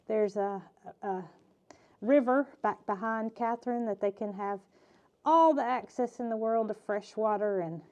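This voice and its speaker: A woman hosting a casual farm vlog outdoors, chatting in a folksy way and softly coaxing animals. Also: on the high side, no room sound. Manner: folksy, coaxing animals with a soft repeated call. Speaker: farm vlogger host. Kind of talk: casual chat and narration.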